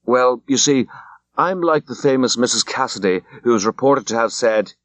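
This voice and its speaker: A man's voice: mid-range voice, moderate pace, fairly bright tone, no echo, voice pushed up, close to an everyday voice. A man voicing a jovial, wizened older man who likes his whisky and jokes in a confiding way. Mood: jesting. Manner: joking, confiding.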